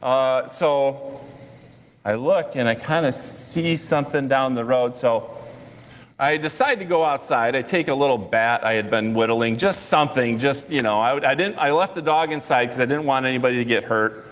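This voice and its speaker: A man pastor preaching a sermon, telling a personal story in a lively way with chuckles and asides. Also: mid-range voice, normal speed. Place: church sanctuary. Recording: long church reverb.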